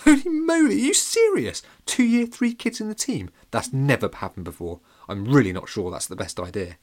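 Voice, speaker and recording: A man reading a children's storybook and voicing a young schoolgirl who is excited and sharp, with squealing high exclamations. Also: fairly quick, breathy edge.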